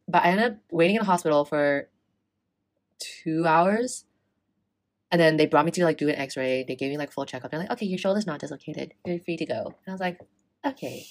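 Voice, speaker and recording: Low-voiced young woman telling a rant. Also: normal speed, long pauses. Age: young adult. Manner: animated, swearing, acts out quoted exchanges. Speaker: storyteller in casual chat. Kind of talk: casual chat.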